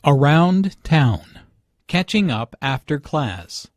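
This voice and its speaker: Slow, measured man narrating a lesson. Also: on the high side, big pitch swings, no room sound, clean studio sound. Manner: measured, explanatory.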